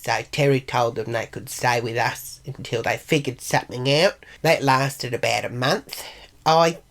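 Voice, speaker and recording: Middle-aged Australian woman with a low voice, chatty and blunt, telling stories to camera. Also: measured pace. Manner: chatty, blunt and sweary, acts out quoted arguments. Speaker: vlogger. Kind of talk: casual monologue vlog.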